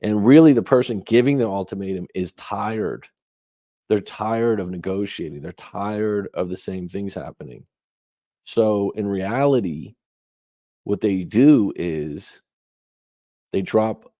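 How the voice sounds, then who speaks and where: A relationship coach with a fairly low, slow, dark-toned voice gives advice in response to questions, speaking emphatically, firing off rhetorical questions and acting out quoted lines. The recording is studio quality with no room sound.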